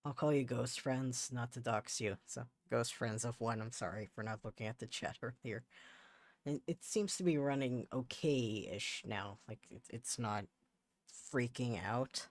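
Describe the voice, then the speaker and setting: A male streamer talks his way through his work in a slow, unhurried way, muttering half to himself and trailing into exasperated restarts. The sound is dry and close, with no room around it. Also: medium pitch, no room sound. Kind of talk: casual livestream chat while working. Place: home setup.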